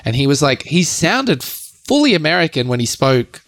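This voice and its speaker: A young man co-hosting a podcast, telling stories in a loose, slangy, animated way. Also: on the high side, moderate pace, no room sound. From Australia. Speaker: podcast co-host. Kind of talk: casual chat.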